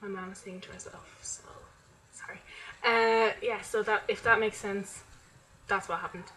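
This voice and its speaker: A young woman chats to camera at home in a loose, rambling vlog. Her voice sits at a middle pitch and she fills her talk with "like." A faint background noise hangs behind her. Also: fairly even intonation, normal speed, sharp tone, rough recording. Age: young adult. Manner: chatty, rambling, full of "like" fillers. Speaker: vlogger. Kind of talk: casual chat to camera.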